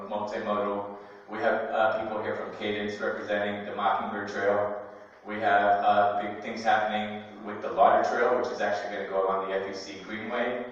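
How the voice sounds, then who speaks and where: A man's voice: fairly low pitch, a bit bright. A man giving an earnest, heartfelt public comment at a meeting, speaking with a few stumbles. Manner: earnest, heartfelt, slightly halting. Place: large echoey meeting hall. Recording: distant, muffled, echoey hall.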